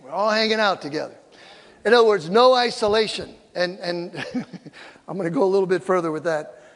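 Speaking fairly quickly, an older pastor with a strikingly high voice delivers a sermon mixing instruction with humor. He dramatizes quotes to make his points while long reverb from the hall lingers after him.

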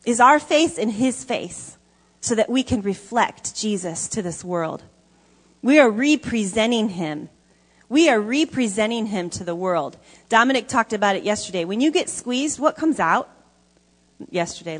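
A woman's voice: a little high, animated, a little slow, big-room sound. A woman preaching a sermon to a congregation, emphatic and conversational, often asking the audience questions. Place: church hall before an audience.

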